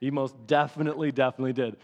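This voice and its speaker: Animated preacher in a reverberant hall. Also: male voice, mid-range voice, racing. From Michigan. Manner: animated storytelling with laughs. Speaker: pastor. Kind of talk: sermon.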